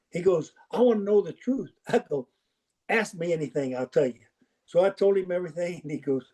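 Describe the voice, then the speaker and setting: A man's voice: high-pitched, fairly quick, mellow. An older man, a football coach as podcast guest, telling folksy anecdotes and acting out the dialogue in them. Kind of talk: storytelling interview.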